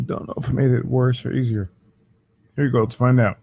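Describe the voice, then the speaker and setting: A man's voice: mid-range voice, fairly quick, creaky. A man hosting a crude comedy podcast, swearing and mocking the news, his voice strained. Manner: profane, mocking, animated. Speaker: podcast host.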